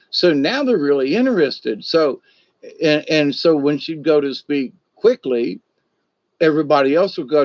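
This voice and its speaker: A man's voice: on the high side, lively intonation, moderate pace, a little mellow, no room sound. An older man hosting a livestream, telling a story in a folksy, meandering way with many asides. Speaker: livestream host. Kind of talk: rambling storytelling chat. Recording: dull dry lo-fi sound.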